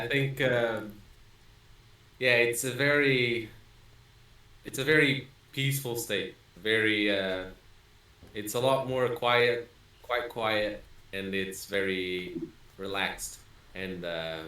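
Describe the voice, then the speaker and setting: A man's voice: on the low side, steady tone, slow pace, pushed and bright. A man sharing his meditation experience, speaking hesitantly and trailing off. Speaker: meditation participant. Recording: roomy echo.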